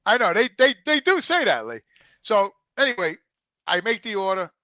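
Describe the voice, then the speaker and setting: Animated high-voiced man telling stories. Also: normal speed, dry recording, dull audio. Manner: animated storyteller, repeats words when excited. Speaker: show host. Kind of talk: casual podcast chat.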